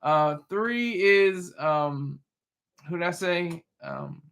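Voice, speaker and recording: A man's voice: sits high, expressive, drawn-out words, gravelly, fairly bright tone. A man hosting a livestream, casually chatting and reading viewer comments with playful teasing and frequent restarts. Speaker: livestream host.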